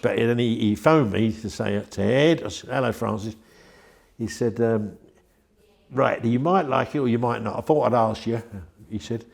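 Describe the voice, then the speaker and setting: With a low-leaning, slightly mellow voice marked by vocal fry, an older man rambles through anecdotes in an interview. He's chatty and keeps restarting his sentences.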